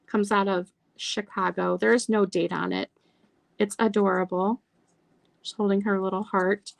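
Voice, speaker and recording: A woman's voice: medium pitch, vocal fry, a bit bright, no room sound. A woman hosting a live sale of vintage items, chatting casually and reading old card verses aloud. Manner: chatty, lingers over details, reads card verses aloud. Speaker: online seller showing vintage items. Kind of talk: casual live sales chat.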